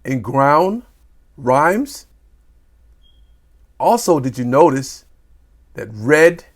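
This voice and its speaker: A man teaching a children's poetry lesson, reading aloud in an animated, playful way with sound effects. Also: mid-range voice, gravelly.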